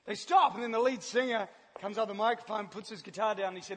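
Delivering a personal testimony to a live audience, a guest speaker acts out scenes and laughs often as he tells his story. His high, husky, creaky voice is steady in tone and fast, with hardly any pauses, set in a long hall reverb.

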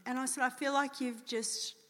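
A woman telling a testimony from a church stage, animated and acting out the dialogue. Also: sits high, normal speed. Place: church auditorium. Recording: church hall reverb.

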